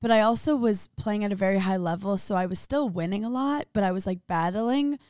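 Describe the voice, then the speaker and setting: A woman's voice: medium pitch, a little fast, a little mellow, no echo, clean studio sound. A young woman from Brooklyn, a comedian and podcast guest, chatting candidly and joking. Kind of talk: casual chat.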